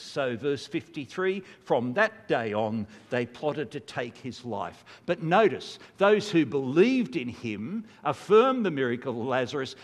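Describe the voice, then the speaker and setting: A man preaching a sermon, acting out quotes in a dramatic way with big swings of voice. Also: mid-range voice. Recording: long hall reverb.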